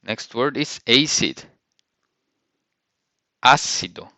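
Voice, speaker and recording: Slow, bright-voiced man teaching vocabulary. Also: mid-range voice, no room sound. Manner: slow, clear, repeats each word twice. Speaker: language teacher. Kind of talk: vocabulary lesson with repetition.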